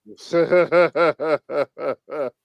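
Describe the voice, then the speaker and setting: A man's voice: on the high side, steady tone, drawn-out words, gravelly, dry recording. A man co-hosting a sports podcast, chiming in and repeating phrases in casual chat. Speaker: podcast co-host.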